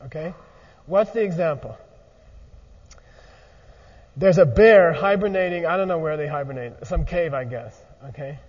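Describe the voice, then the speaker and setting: A man teaching a lively philosophy lecture, acting out examples and constantly checking in with his listeners. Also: on the high side, normal speed, long pauses. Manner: animated, often checks in with 'okay?'. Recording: muffled recording in a large echoey hall.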